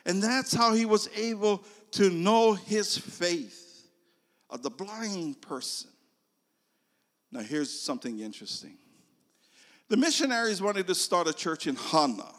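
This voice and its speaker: A man telling a story as a sermon, animated, swinging from loud to hushed. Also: high-pitched, in a large hall. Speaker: preacher.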